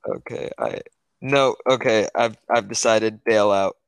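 A man's voice: lowish voice, fairly even intonation, unhurried, creaky, clear, resonant tone, no echo. A young man, a student, co-hosting a podcast in laid-back joking chat. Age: young adult. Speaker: podcast co-host. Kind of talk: casual chat.

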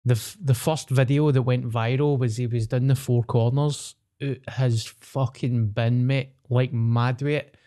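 A man with a Glaswegian Scottish accent in a casual chat. He rambles through stories, swears freely and drops into quick impressions of people. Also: mid-range voice, fairly even intonation, dark tone.

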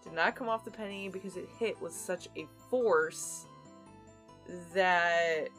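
A woman's voice: on the low side, measured pace, fairly bright tone, soft background music. A woman hosting a podcast, telling stories in a chatty way and laughing often. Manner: giggly, chatty storyteller. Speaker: podcast host. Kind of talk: casual chat.

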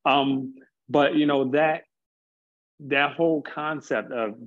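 A man's voice: medium pitch, a bit bright. Earnest man, dull lo-fi recording. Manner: earnest, stumbles on words, builds points slowly. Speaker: interview guest. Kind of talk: reflective conversation.

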